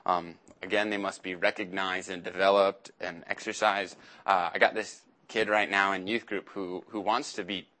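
A man's voice: low-pitched, level tone, normal speed, pushed and bright. A young man preaching a casual sermon as a youth pastor, chatty and acting out quotes in little voices.

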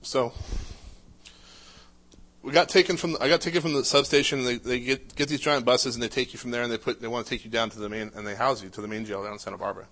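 With a quick pace, medium pitch, fairly even intonation, and a bit of brightness, a man gives a personal testimony about his life. He talks conversationally and casually, restarting often and using lots of "uh" fillers.

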